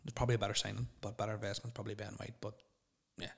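A man's voice: fairly low pitch, level tone, very fast, vocal fry, breathy edge. A young man hosting a solo podcast, rambling and swearing bluntly as he answers listener questions. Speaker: podcast host.

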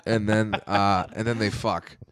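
A man's voice: fairly low pitch, little pitch movement, unhurried, smooth, no room sound, clean studio sound. A young man co-hosting a podcast, riffing through crude comedy bits and acting out characters in his stories. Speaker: podcast co-host. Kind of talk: casual crude comedy banter.

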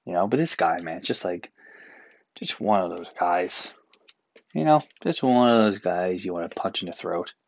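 In lo-fi audio, a low-pitched man with lively intonation and normal speed rants on his solo podcast. He's a Newfoundlander recording in his apartment room, exasperated and swearing freely.

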